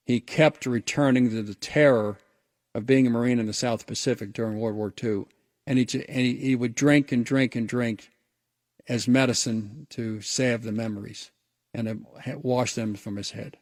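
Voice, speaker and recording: A man's voice: medium pitch, steady tone, normal speed, a little mellow, no echo, clean studio sound. A man who hosts a radio show, telling a personal story in an earnest, reflective way, often restarting his words. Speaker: radio host.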